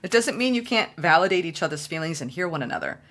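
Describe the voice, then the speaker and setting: Bright, excitable woman tarot reader. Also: fairly low pitch, fast, a little hiss or hum. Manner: excitable, gushing, repeats phrases for emphasis. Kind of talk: solo tarot reading to camera.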